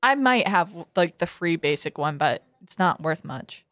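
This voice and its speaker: Woman co-host, rambling and self-mocking, lively pitch, dry close sound. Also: measured pace, no echo. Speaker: podcast co-host. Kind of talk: casual comedy chat.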